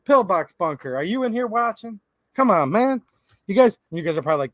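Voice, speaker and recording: A man's voice: high voice, sing-song, brisk, a bit bright, no echo. A man hosting a casual livestream, ranting and answering viewers by name. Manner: ranting, reads out viewer names. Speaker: livestream host.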